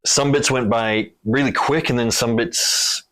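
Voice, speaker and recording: A man's voice: medium pitch, measured pace. Swearing man chatting about a film. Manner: loose, swearing, animated storytelling. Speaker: film review co-host. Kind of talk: casual chat.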